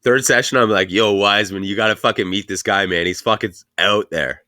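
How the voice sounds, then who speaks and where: A man with a deep, low voice co-hosts a podcast in loose casual chat. He rambles through stories, swears freely and laughs along the way. His voice sounds dry and close, with no room around it. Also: steady tone, brisk, bright, forceful tone, no echo. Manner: rambling profane storytelling, laughing often. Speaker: podcast co-host.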